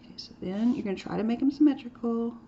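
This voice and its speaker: A woman's voice: fairly high pitch, quick pace, warm tone. Chatty woman teaching drawing, lo-fi. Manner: playful, chatty, with whispered asides. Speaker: art teacher. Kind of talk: drawing lesson demonstration. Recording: dull lo-fi sound with faint noise.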